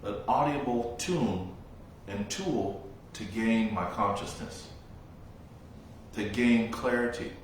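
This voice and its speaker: A man giving a dharma talk as a Buddhist monk teacher, telling stories slowly and reflectively with long pauses. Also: lowish voice, a little hiss or hum. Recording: very echoey room, voice from far off.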